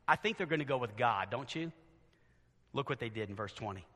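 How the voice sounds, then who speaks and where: A male pastor preaching a sermon, swinging from loud exclamations to hushed near-whispers. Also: mid-range voice, very animated, moderate pace, long pauses. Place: church sanctuary. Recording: long reverb in a church sanctuary.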